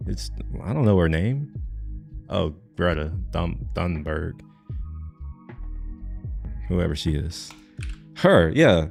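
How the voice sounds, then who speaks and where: A man's voice: sits low, sing-song, takes it slowly, creaky, pauses often, darkish tone, faint music behind. A young man chatting casually on a live stream, rambling and joking, with casual swearing.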